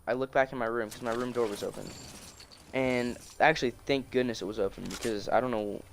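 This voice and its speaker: A man's voice: mid-range voice, brisk, gravelly. Man, casual storytime vlog, rambling with restarts, phone recording, clicking noise behind. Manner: rambling, many restarts and fillers. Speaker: storytelling vlogger. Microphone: phone screen recording.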